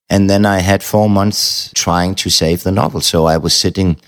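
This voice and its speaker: A middle-aged man, a novelist telling a personal story in an interview, blunt and candid, swearing casually. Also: low voice.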